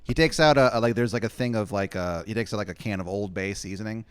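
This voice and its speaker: A man running a comedic improvised story game in a rambling, deadpan way, swearing casually. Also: fairly low pitch, fast, clean tone. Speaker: game master.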